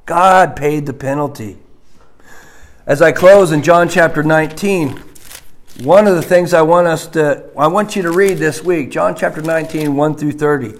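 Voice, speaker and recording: A man preaching a sermon slowly and emphatically, dropping to a hushed voice on key points. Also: a little high.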